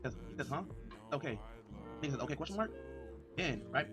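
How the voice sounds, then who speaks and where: Excitable male streamer, high and quick, riffing to his chat over soft music. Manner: excitable, addresses chat directly, reads messages aloud. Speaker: livestreamer. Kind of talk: livestream commentary.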